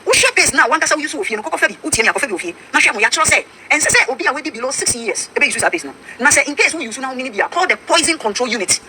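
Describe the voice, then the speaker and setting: A woman's voice: high-pitched, very animated, very fast, hardly any pauses, a crowd in the background. A Ghanaian woman pastor with a Ghanaian accent, preaching emphatically and mixing English with Twi. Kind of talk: preaching talk-show discussion.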